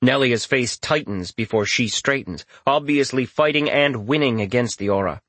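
Male narrator, mid-pitched, steady first-person storytelling, dead-dry booth sound. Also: moderate pace, no room sound. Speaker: audiobook narrator.

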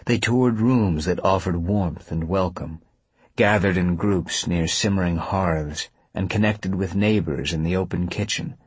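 A man narrating a story in a calm, measured audiobook reading. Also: deep voice, slightly rough, dry recording. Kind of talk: scripted narration.

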